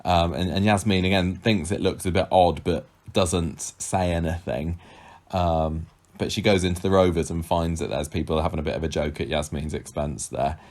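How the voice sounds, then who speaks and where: A man's voice: deep voice, steady tone, moderate pace, hardly any pauses, a little mellow. A man co-hosting a podcast, casually retelling soap scenes and quoting the characters. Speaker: podcast co-host. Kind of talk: casual chat recapping a soap.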